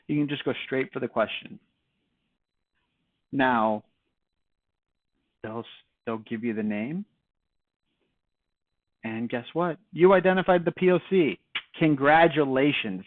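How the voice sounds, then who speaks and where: A man giving a casual sales training talk, chatty and lively, acting out both sides of a phone call. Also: a little high, no room sound. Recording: dry tinny phone-like audio.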